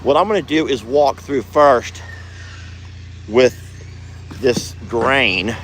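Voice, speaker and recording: This is casual vlog chat recorded outdoors during ranch chores, with the speaker cooing lovingly at the animals. The voice sits at medium pitch and goes slowly, with a little hiss or hum in the audio.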